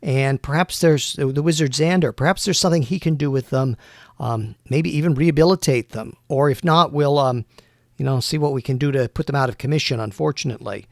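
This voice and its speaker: A man's voice: mid-range voice, a little fast, gravelly, darkish tone, dry recording, close to an everyday voice. A cautious, practical helper of a wizard who speaks hesitantly and hedges a lot, as a man acts them out. The voice stays close to an everyday speaking voice in a tabletop game.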